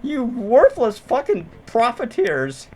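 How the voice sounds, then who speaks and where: A man's voice: very high-pitched, wildly swooping pitch, darkish tone, pitched above the performer's own voice, exaggerated voice. A man putting on a big angry male Yeti who curses his captors and wants to go home. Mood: indignant. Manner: cursing, drawn-out, indignant.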